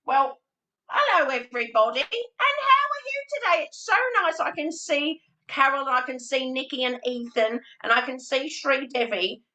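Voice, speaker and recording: A woman voicing Spencer, a cheerful chatty male string puppet, with a high, sing-song greeting voice. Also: animated, moderate pace, bright, forceful tone. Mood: delighted.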